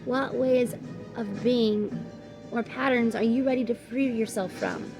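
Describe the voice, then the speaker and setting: A woman doing a general tarot reading, reading the card meanings aloud in a calm, earnest way. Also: a little high, measured pace, music in the background, rough recording. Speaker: tarot reader.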